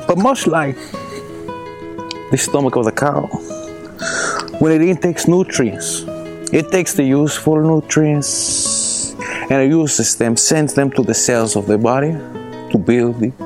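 A man voicing a boastful older rancher uncle, telling his story slowly and grandly. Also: mid-range voice, voice pushed up, close to an everyday voice. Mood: folksy. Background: guitar music.

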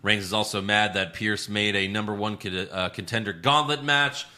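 Bright-voiced man recapping wrestling. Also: on the low side, normal speed. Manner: animated, jokey, mimics wrestlers in quotes. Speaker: podcast host. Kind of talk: casual wrestling recap chat.

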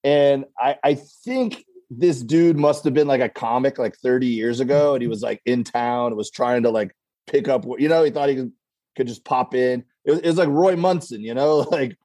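A man's voice: medium pitch, moderate pace, warm tone, no room sound. A man, a comedian guest on a talk show, telling rambling stories and acting out voices. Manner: rambling storyteller, acts out voices in quotes. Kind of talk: casual talk show anecdotes.

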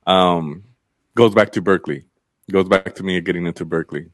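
Low-voiced guy rambling through stories on a podcast, swears a lot, lots of um and like, dry close sound. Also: fairly even intonation, a little fast, no room sound. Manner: candid, rambling storytelling with frequent fillers and swearing. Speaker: podcast guest. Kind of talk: casual conversation.

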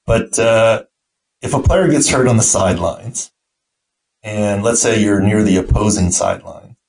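A man's voice: fairly low pitch, unhurried, darkish tone, poor audio. A middle-aged man, a podcast host and team doctor, telling an anecdote in a casual way and acting out the quoted voices. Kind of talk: casual storytelling.

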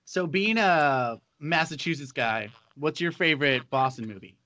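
A man's voice: fairly high pitch, lively intonation, moderate pace, sharp tone. A man hosting a podcast, asking upbeat casual questions. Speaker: podcast host.

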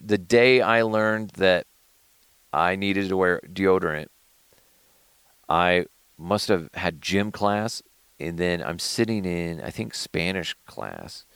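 A man hosting a podcast in casual solo talk, animated and joking, rambling through stories. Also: sits low, vocal fry, no room sound. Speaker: podcast host.

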